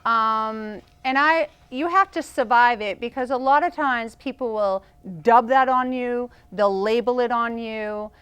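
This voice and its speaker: A woman's voice: on the high side, measured pace, hardly any pauses, a bit bright, clear, resonant tone. A woman with a Boston accent, a guest on a talk show, telling her story earnestly and emphatically. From Boston, Massachusetts. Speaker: guest, evangelist. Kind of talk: casual interview chat.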